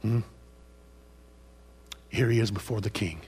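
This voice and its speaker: A man's voice: fairly low pitch, a little slow, darkish tone, slight background noise. A man preaching a sermon with passion, repeating phrases and prodding his listeners with "huh?" after each point.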